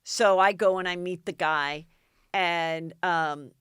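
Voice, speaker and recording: A middle-aged American woman hosting a podcast, telling a story in a lively, dramatic way and acting out the people she quotes. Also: lowish voice, takes it slowly, clean tone, no echo, studio quality. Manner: animated, dramatic retelling with quoted voices. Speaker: podcast host. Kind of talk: casual storytelling chat.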